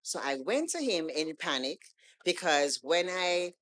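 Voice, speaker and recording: A woman guest on a podcast, telling a story in a casual, animated way and acting out the lines of the people in it. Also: on the low side, measured pace, slight background noise. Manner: animated storytelling, acts out quoted dialogue. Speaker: guest poet.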